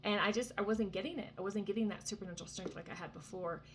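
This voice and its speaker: A woman's voice: medium pitch, fast talker, slight background noise. A woman in her thirties talking casually from a vacation cabin, sharing an earnest faith testimony full of fillers and asides. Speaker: Christian vlogger.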